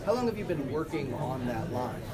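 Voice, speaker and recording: A man's voice: mid-range voice, very animated, moderate pace, a loud crowd. A man asking probing follow-up questions at a press Q&A. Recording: loud crowded trade-show floor.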